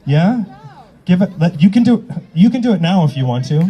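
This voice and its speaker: A man's voice: sits high, big pitch swings, fairly quick, highs cut off, very noisy. A man hosting as a drag emcee at an outdoor rally, bantering with the audience in a brash, teasing and profane way. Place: outdoor public square at a rally. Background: faint crowd.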